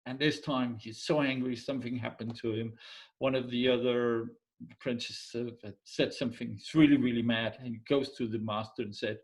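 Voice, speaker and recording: A man tells an old folk tale in an easygoing, conversational way. He pauses now and then to hunt for a word and lets some remarks trail off quietly. His voice sits at an ordinary middle pitch. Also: rough recording. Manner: relaxed, searching for words, drifting into quiet asides. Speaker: storyteller. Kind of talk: casual oral storytelling.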